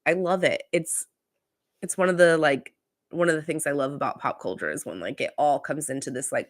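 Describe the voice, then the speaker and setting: A woman's voice: lowish voice, fairly bright tone, no echo, clean studio sound. A woman from Southern California hosting a casual pop culture podcast, rambling chattily with fillers and self-corrections. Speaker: podcast host.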